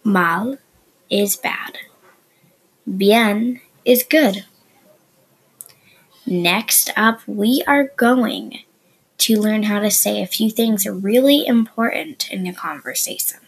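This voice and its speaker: Breathy woman giving a casual Spanish lesson. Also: medium pitch, takes it slowly, poor audio. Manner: chatty and explanatory, drifting into soft asides. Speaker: Spanish teacher and podcast host. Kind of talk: casual beginner language lesson.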